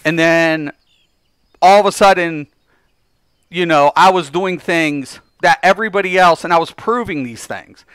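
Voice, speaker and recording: A man's voice: fairly high pitch, unhurried, a bit bright, clean tone, dry recording. A man ranting casually on a live game stream into his desk microphone, emphatic and repetitive with lots of fillers. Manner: emphatic, repeats himself, frequent fillers.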